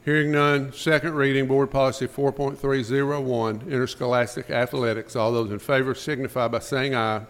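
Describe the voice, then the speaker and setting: A man chairing a school board meeting, running through motions and votes in a brisk, routine manner. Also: medium pitch, flat delivery. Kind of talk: formal meeting procedure.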